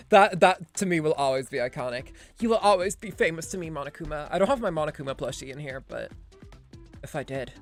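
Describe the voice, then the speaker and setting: Chatty male streamer, voice fairly high. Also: lively intonation, fast, soft background music. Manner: chatty, laughing, swearing asides. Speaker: voice actor and streamer. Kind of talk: casual gaming commentary.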